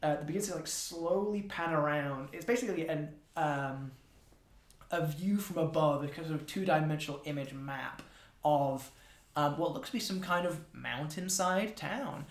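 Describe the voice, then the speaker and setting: A game master narrating a tabletop game in a lively, amused, halting manner. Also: mid-range voice. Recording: roomy echo.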